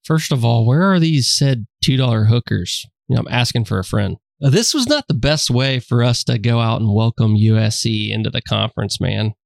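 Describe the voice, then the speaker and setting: Gravelly laid-back sports podcast co-host. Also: male voice, mid-range voice, animated, normal speed, few pauses, no room sound, clean studio sound. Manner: laid-back, profane, banter-heavy. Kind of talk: casual sports podcast chat.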